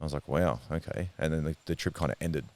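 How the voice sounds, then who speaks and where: Deep-voiced Australian man telling a story. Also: fast talker, creaky, a little mellow. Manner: swears freely, acts out quoted voices. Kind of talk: casual storytelling.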